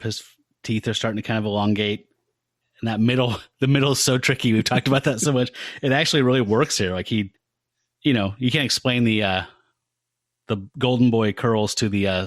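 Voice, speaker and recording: Male co-host, laid-back animated comics chat, dry close mic. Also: fairly low pitch, a little fast, no echo. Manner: animated, retelling with laughs. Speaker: podcast co-host. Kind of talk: casual comic book discussion.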